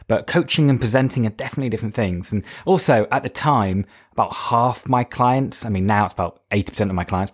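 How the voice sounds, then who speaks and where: A man with a northern English accent, a coach hosting his podcast in a casual, chatty monologue full of fillers and self-deprecating asides. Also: medium pitch. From Northern England.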